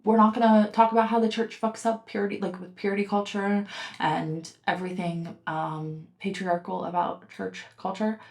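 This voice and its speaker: A woman's voice: medium pitch, flat delivery, moderate pace, vocal fry. Heated, sarcastic young woman. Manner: heated, sarcastic, frequently swears. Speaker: book reviewer and podcast host. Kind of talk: casual commentary reading from a book.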